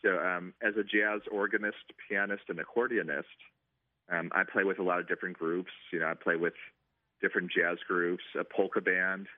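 Deep-voiced man on a tinny phone line. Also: fairly even intonation, normal speed, no room sound. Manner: hesitant, many ums and restarts. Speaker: stadium organist. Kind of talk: casual interview answers.

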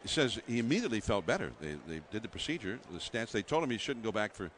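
A man calling baseball play-by-play as a guest in the booth, halting and full of restarts. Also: lowish voice, very animated, a bit bright, a little hiss or hum. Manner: halting, many restarts and fillers. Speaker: guest broadcaster.

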